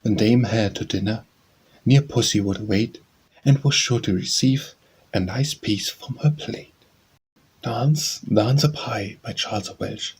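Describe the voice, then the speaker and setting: A man with a somewhat low, husky voice reads nursery rhymes for an audiobook. He names each title and author, then recites in a measured sing-song. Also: a little mellow. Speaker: audiobook narrator. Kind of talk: reading nursery rhymes aloud.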